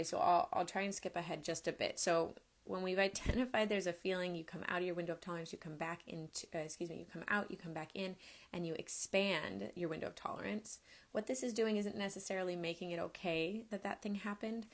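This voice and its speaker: A woman somatics coach giving a live-streamed teaching talk, explaining in a gentle, unhurried way. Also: on the low side, creaky.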